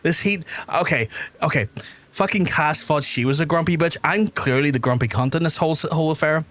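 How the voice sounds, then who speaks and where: A man's voice: on the high side, a little fast, fairly bright tone. A man live-streaming a game, ranting angrily at his chat with lots of swearing. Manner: angry, profane ranting.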